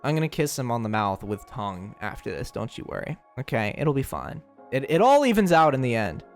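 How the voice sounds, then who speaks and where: A man's voice: mid-range voice, sing-song, brisk, faint music behind. A young man streamer in casual chat, rambling and joking, often stumbling and repeating words.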